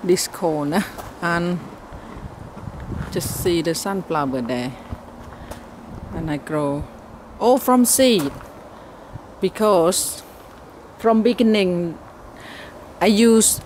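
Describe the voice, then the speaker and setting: Thai lady slow and chatty, broken english, garden tour outside, traffic noise clear in the back. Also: fairly low pitch. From Thailand. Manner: chatty, simple broken English, fond and cheerful. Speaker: gardening vlogger. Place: outdoor home garden in a town.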